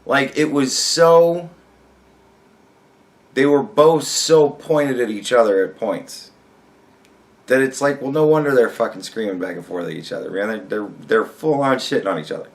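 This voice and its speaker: A man's voice: medium pitch, normal speed. A man giving a casual, profane, rambling reaction rant, often exasperated and breaking into laughter. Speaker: commentary vlogger.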